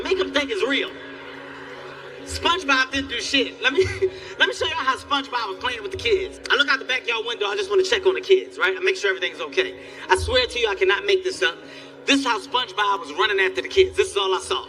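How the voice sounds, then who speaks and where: A man doing stand-up comedy on a live stage, telling stories in an animated, profane way. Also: high-pitched, fairly quick, music in the background. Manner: animated, loud storytelling with profanity.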